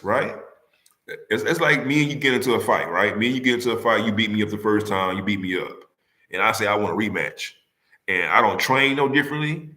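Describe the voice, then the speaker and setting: A man runs a casual sports talk stream and argues with rival fans. His low voice has a forceful edge, and he repeats himself and keeps firing rhetorical questions. The room around him is echoey. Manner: heated, repetitive, rhetorical questions to the audience. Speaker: sports talk livestream host.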